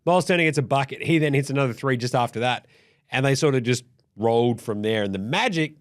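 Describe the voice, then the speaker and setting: A man's voice: mid-range voice, a little fast. A man hosting a casual, sweary sports recap. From Australia. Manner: sweary, blunt, animated. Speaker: host.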